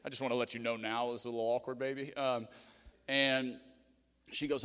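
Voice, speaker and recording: A man's voice: mid-range voice, little pitch movement, moderate pace, long pauses, a bit bright, clean tone. A middle-aged man, a pastor, preaching a sermon and telling stories with self-mocking humor. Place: church auditorium. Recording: long reverb in a church hall.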